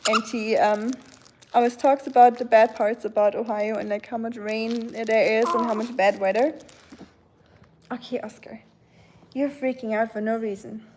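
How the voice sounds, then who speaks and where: A woman with a German accent, a native German speaker, chatting casually on a livestream at home, answering her chat in a rambling way with many pauses and talking to her dog now and then. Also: a little high, steady tone, a little mellow, slight background noise. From Germany, near the French border. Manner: chatty and rambling, often pausing on "um", breaking off to soothe her dog.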